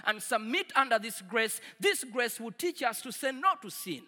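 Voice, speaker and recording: A man preaching a sermon to a congregation, swinging from loud declarations to quiet asides. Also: very high-pitched, very animated, normal speed, in a large hall, noisy background. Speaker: pastor.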